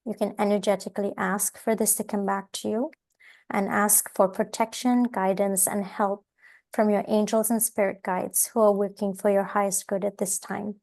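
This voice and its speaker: A woman co-host leading a calm, measured spiritual invocation that asks for protection and guidance. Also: mid-range voice, gravelly. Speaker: tarot show co-host.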